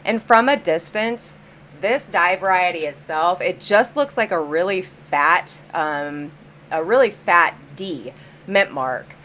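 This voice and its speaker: A woman's voice: lowish voice, animated, slow, a bit bright, a little hiss or hum. A woman hosting a live-stream auction, chatty and upbeat, greeting viewers by name as she counts down bids.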